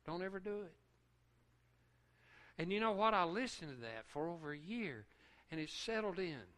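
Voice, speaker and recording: Emotional preacher, high bright voice. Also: male voice, very animated, brisk. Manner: emotional, swings from hushed to loud; repetitive rhythmic phrasing. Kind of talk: sermon.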